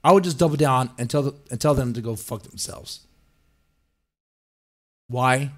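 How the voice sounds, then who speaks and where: A man's voice: mid-range voice, moderate pace. A man hosting a podcast, ranting and swearing and mocking the people he quotes in put-on voices. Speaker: podcast host. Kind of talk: ranting commentary.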